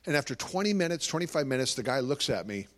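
A Christian ministry speaker addresses a live audience, telling stories animatedly and acting out conversations. His medium-pitched voice is very animated and fast.

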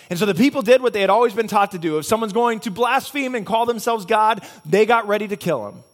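High-voiced man preaching a sermon. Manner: earnest, repetitive preaching with building cause-and-effect chains. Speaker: pastor.

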